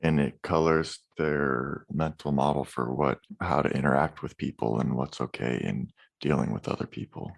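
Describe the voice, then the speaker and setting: Male podcast host, super deep voice, lots of fry, slow and steady. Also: no echo. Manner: slow, measured, affirming. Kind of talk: podcast interview.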